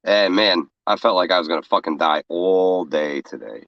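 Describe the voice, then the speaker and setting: A man's voice: deep voice, normal speed, creaky, fairly bright tone, no echo, dull audio. A man from New York with a stuffy cold, casually hosting a livestream and greeting the chat with loose profanity. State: congested with a cold. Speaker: livestream co-host. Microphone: separate room, remote feed.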